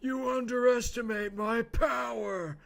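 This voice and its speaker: Man putting on a hissing old dark lord. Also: very high-pitched, steady tone, a little slow, vocal fry, voice pushed up, exaggerated voice. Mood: menacing. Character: sinister old male dark lord, power-hungry.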